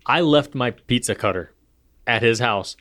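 A man's voice: medium pitch, measured pace, fairly bright tone. A man co-hosting a podcast, telling playful stories in casual chat with lots of "like" fillers. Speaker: podcast co-host.

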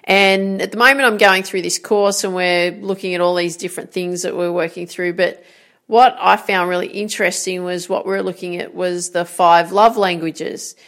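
A woman's voice: on the low side, steady tone, normal speed, a bit bright. A woman giving an encouraging motivational talk as a coach, often checking in with "right?". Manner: encouraging, repeats "right?" and "guess what?". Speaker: golf and life coach.

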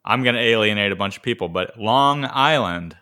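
A man's voice: on the low side, fairly even intonation, racing, pushed and bright, clean tone. A man with a Northwest Ohio accent co-hosting a casual podcast chat, telling stories and laughing often. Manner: chatty storyteller, laughs often. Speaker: podcast co-host.

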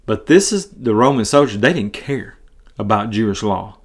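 A man's voice: lowish voice, expressive, normal speed, husky. A man giving a casual Bible study talk as a podcast teacher, earnest and conversational, often restarting his sentences.

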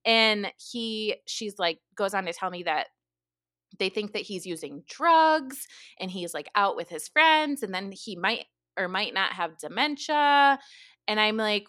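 Animated woman therapist telling a story, lots of "like", bright forceful voice, dry close sound. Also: medium pitch, measured pace, dry recording. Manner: animated, heavy use of "like", swears. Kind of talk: casual storytelling chat.

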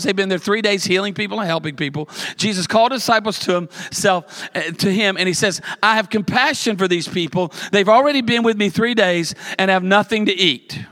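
Male pastor, sermon, lively storyteller, repeats for emphasis, fairly high voice. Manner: lively storytelling preacher with repetition and humor; builds to emphatic lists.

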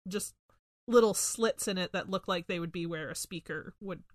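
A woman's voice: fairly low pitch, normal speed, no echo. A woman playing a tabletop game who talks in a chatty way, searching for words and using many fillers. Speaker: player. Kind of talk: casual tabletop play.

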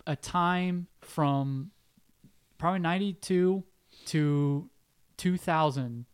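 A man in relaxed podcast chat, his voice smooth and clear and sitting a bit high. He rambles through plot points with plenty of restarts and fillers. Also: slow pace. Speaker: podcast co-host. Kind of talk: casual chat about movies.

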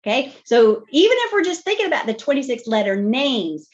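Animated woman speech therapist explaining. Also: sits high, brisk, highs cut off. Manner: animated, teacherly, stresses key words. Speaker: speech-language pathologist guest. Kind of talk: podcast interview explanation.

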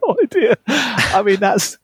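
A man's voice: sits high, lively intonation, takes it slowly, breathy edge, no room sound. A man being interviewed about his book, telling chatty travel stories with frequent laughter. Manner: chatty, laughs often, restarts mid-phrase. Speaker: guest, author. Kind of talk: storytelling interview.

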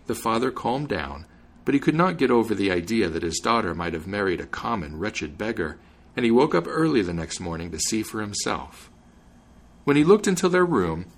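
Gravelly man reading a fairy tale. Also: on the low side. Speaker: podcast host and narrator.

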